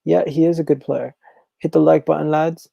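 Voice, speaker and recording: A man hosting a live football talk stream, reading viewer comments and repeating his phrases in a chatty, animated way. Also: fairly high pitch, normal speed, vocal fry, dry recording, rough recording. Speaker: football channel host.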